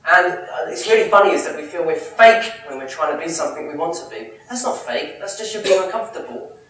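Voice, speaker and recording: A man, an Islamic lecturer, answering audience questions in a lively, joking way after his talk at a university event. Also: a little high, fast. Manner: lively, joking, laughs between points. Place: large lecture room at a university society event. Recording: very echoey hall, voice from far off.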